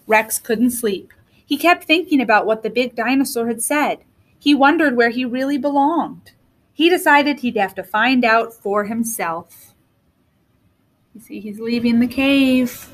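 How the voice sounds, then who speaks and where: A woman kindergarten teacher reading a storybook aloud to young children. Her voice is high and animated. She makes the telling expressive. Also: a little slow.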